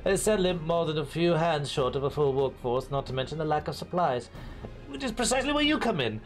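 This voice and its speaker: A man's voice: on the high side, big pitch swings, fairly quick, faint music behind, pitched above the performer's own voice. Nasal, formal game supervisor with a monocle, as a man puts him on; earnest and persuasive.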